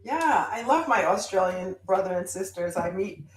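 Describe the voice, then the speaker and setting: Animated woman telling stories, echoey room. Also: mid-range voice, moderate pace. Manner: animated storyteller, laughs often. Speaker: guest author. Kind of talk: casual podcast chat.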